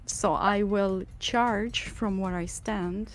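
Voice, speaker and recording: Slow-talking woman player. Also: mid-range voice, steady tone. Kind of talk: casual play at the table.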